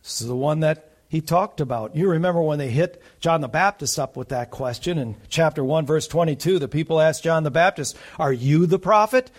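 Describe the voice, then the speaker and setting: Husky-voiced guy preaching a sermon, fairly high voice, goes loud then drops real quiet, keeps asking the room questions. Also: a little fast, hardly any pauses. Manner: swings from loud emphatic rises to low quiet asides; asks the congregation questions. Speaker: pastor. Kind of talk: expository sermon.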